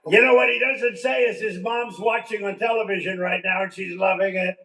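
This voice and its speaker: An older male politician rambles and repeats himself through a rally speech full of conversational asides, his high voice steady, sharp, and fairly quick with hardly any pauses. He's in a large, crowded venue, picked up roomy and far from the mic.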